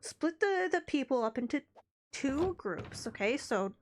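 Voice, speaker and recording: Woman game streamer with a high voice; chatty, rambling, casual delivery. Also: very animated, a little slow, slight background noise. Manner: rambling, chatty, self-interrupting. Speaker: live streamer. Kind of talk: casual chat while playing a game.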